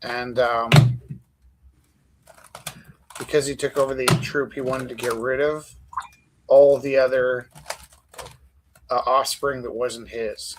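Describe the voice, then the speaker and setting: A man at mid pitch chats casually on a live art stream, telling long rambling stories packed with fillers. The faint tapping of a keyboard sits behind his talk. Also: level tone, slow pace, pauses often, background noise. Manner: rambling storyteller, many fillers. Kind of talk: casual chat while drawing.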